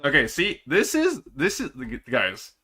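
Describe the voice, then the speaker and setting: A man streaming himself reacting to an esports match, excitable and teasing, with drawn-out dramatic groans. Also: on the high side, husky, soft background music. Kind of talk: casual live-stream reaction commentary.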